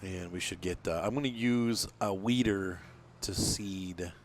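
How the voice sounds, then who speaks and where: Man, lowish voice, tired, rambling let's-play commentary, lots of ums and uhs. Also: measured pace, a little hiss or hum. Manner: rambling, thinking aloud with many fillers. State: tired, yawning. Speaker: gameplay commentator.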